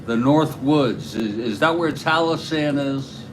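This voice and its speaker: A man from New York with a New York accent, calling a tabletop baseball replay in a slow, rambling way and chatting with viewers between plays. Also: medium pitch, background noise. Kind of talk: play-by-play of a board game with chat.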